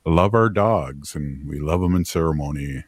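A man co-hosting a community radio show, talking casually and haltingly with many fillers. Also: very deep voice, dry recording, clean studio sound. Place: radio studio. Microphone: studio mic.

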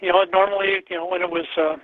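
Male caller, rambling and hesitant, slightly high voice, thin phone-line sound. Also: level tone, fast talker, no echo. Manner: rambling, hesitant with many fillers. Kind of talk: call-in talk radio.

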